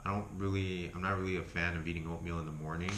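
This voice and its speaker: A man's voice: low-pitched, steady tone, fast talker, a bit bright, echoey room, slight background noise. A man with an Argentine accent, chatting casually as a health food vlogger, rambling, swearing freely and correcting himself. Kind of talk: casual chat review.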